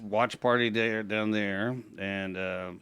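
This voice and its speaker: A man co-hosting a radio talk show, speaking in a laid-back, halting way with many fillers. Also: fairly low pitch, steady tone, fairly bright tone, clean tone. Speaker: radio co-host. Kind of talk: casual radio chat. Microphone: studio microphone.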